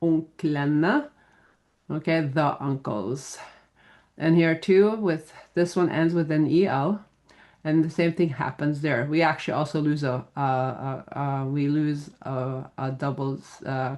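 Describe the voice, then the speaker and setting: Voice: mid-range voice, a little mellow. Patient grammar teacher. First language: Norwegian. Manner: patient and plain, spells out letters, many "uh" fillers. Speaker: Norwegian language teacher. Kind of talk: explaining a grammar lesson.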